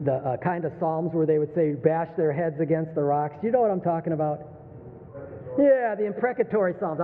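A man in his sixties with a Texan accent preaches from a church pulpit, talking casually and lively to the congregation. His voice sits on the higher side. The sound is narrow and phone-like, with a long, echoing hall reverb. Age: 60s. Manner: conversational, animated, laughs and asks the room. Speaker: pastor. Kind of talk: sermon. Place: church sanctuary.

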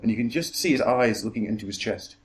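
Lively man with blunt opinions. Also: mid-range voice, fast talker. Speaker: podcast co-host. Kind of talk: casual chat. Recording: echoey room with faint hiss.

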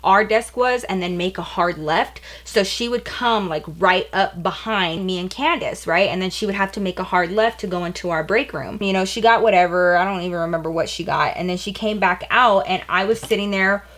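A young woman beauty vlogger tells a story in a loose, chatty way while she gets ready. She is animated and blunt, and she fills her sentences with "like" and casual slang. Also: medium pitch, brisk, few pauses.

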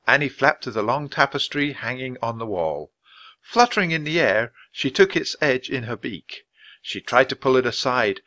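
A man reading a children's book aloud in an expressive, clear, measured way. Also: medium pitch. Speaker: storybook reader.

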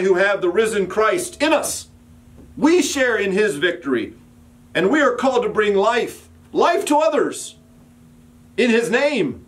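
A man preaching a sermon as pastor, building emphatic repeated calls and sometimes dropping to a soft, quiet storytelling voice. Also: high-pitched.

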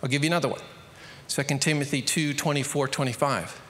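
Australian male pastor, bright sharp tone, reverberant church hall, storytelling sermon. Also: medium pitch, steady tone. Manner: conversational, storytelling, quickening to emphatic peaks.

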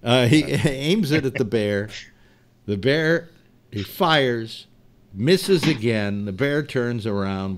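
Animated male talk-show host. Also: lowish voice. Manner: animated, laughing storyteller. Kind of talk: telling a long joke to a panel.

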